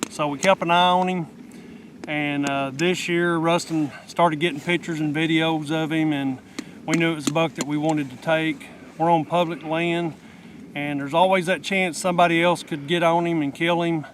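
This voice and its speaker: A man's voice: on the high side, normal speed, slight background noise. Middle-aged man telling a hunting story. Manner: plain-spoken, excited storytelling. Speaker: hunter. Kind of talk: outdoor hunting vlog talk. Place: outdoors in the woods.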